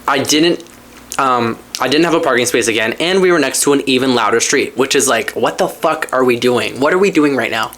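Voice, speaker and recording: A podcast host telling a personal story in casual chat, candid and profane, rambling with asides and swinging between low mutters and excited highs. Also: fast talker, hardly any pauses.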